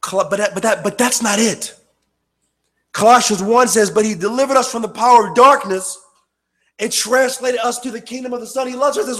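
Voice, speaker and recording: A man preaching a sermon with passion, shouting hard and then dropping to a low, quiet voice. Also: fairly even intonation, fairly quick. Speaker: pastor.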